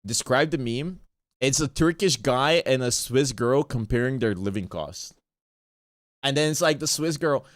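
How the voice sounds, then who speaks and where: A man's voice: mid-range voice, normal speed, no echo, studio quality. A man streaming a watch party who rants in casual chat, swearing often and repeating himself. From Bosnia.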